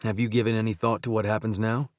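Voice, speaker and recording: A man voicing a calm male country doctor in an audiobook, speaking gently and steadily. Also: lowish voice, quick pace, dry recording, studio quality, close to an everyday voice. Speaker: audiobook narrator. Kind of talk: audiobook dialogue reading.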